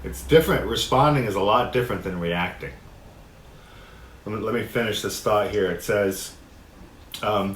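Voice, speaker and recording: A man teaching a discussion workshop, reading passages aloud and explaining them in a relaxed way, often laughing. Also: lowish voice, moderate pace, pauses often. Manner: relaxed, laughs often, acts out quoted voices. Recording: echoey room with faint noise.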